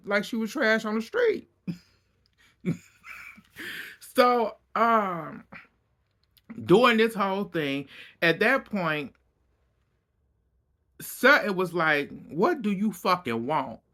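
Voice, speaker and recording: A man giving a casual, animated recap of a TV episode, acting out what people said and often breaking into laughter. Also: high voice. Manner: animated storyteller, acting out quotes, frequent laughter. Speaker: reality TV recap host.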